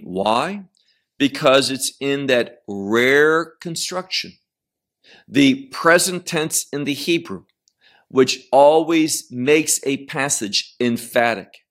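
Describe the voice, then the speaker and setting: A man's voice: a little high, fairly bright tone. A middle-aged man teaching a Bible passage verse by verse, stressing single words and explaining Hebrew terms.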